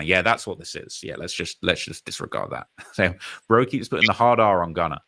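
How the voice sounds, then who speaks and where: A man's voice: sits low, a little fast, vocal fry. A British man hosting a live stream, commenting casually and emphatically on rap news and reading out chat comments. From United Kingdom. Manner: animated, emphatic, repeats phrases, reads comments aloud.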